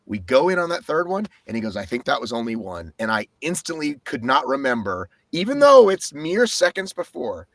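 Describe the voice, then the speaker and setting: Lively, swearing man telling a race story. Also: mid-range voice, dry recording. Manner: animated storytelling, swears a lot. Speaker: podcast co-host. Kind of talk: casual race recap.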